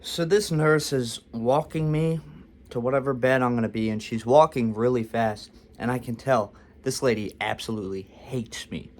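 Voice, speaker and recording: A man's voice: medium pitch, normal speed, a little mellow. A man telling a storytime story to camera, rambling and self-deprecating with frequent restarts. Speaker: vlogger. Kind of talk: storytime monologue.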